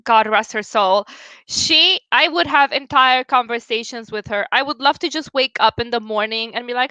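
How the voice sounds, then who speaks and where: A woman's voice: a little high, normal speed, sharp tone, smooth, no room sound, lo-fi sound. A young woman chatting casually with viewers on a livestream, giggling often as she reads and answers comments. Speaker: livestream host.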